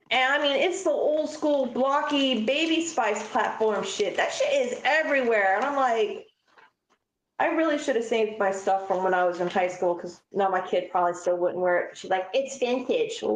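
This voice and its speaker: Blunt, swearing woman in an echoey room. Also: high voice. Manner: blunt, swears freely, storytelling. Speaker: podcast co-host. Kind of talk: casual chat. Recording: roomy echo.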